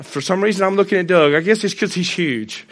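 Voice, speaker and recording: A pastor preaching a sermon in church, blunt and folksy with joking asides. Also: male voice, high-pitched, fairly quick.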